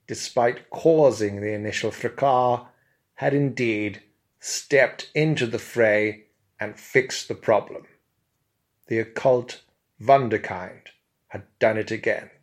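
A man narrates a comic story in a pompous, mock-grand way. He speaks slowly and deliberately. His pitch sits in a middle range.

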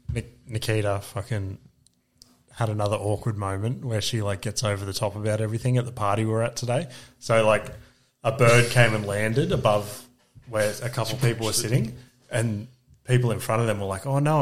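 Laid-back Australian dad, low voice. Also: male voice, brisk. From Queensland, Australia. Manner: swears freely, laughs through animated stories. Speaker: podcast co-host. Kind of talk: casual chat.

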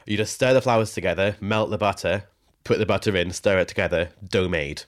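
Low-voiced man chatting on a podcast. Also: brisk. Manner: chatty, reads listener questions, laughs often. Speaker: podcast co-host. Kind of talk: casual chat.

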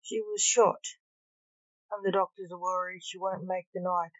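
A woman's voice: lowish voice, little pitch movement, moderate pace, dry recording, natural voice. Young man sorcerer, icy and boastful, read by a woman, dry muffled sound. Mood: cold. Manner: cold and boastful. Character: cold vengeful young male sorcerer son. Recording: dull lo-fi recording.

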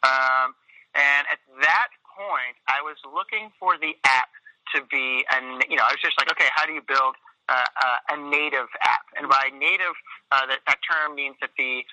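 A man's voice: mid-range voice, normal speed, sharp tone, no echo, low-quality recording. A man in his thirties telling his story in a casual interview, rambling with many fillers and restarts. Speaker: interview guest, Pilates studio owner.

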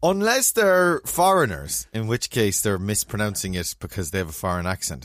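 A man's voice: on the low side, animated, normal speed, a bit bright, dry recording. A tired man hosting a podcast from a home studio, playful and teasing in casual chat. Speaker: podcast host.

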